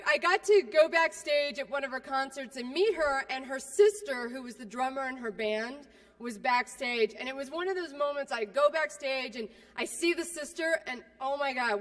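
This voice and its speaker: A woman's voice: sits high, fairly bright tone, in a large hall. A woman from California giving a keynote speech as comic storytelling, brash, self-mocking and conversational. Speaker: keynote speaker.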